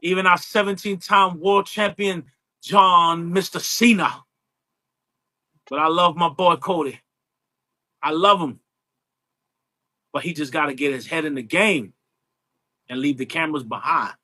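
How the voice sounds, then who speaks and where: A man's voice: on the high side, unhurried, pauses often, pushed and bright, full character voice. A man doing an impression of a folksy, drawling old-school wrestling legend. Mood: folksy preaching.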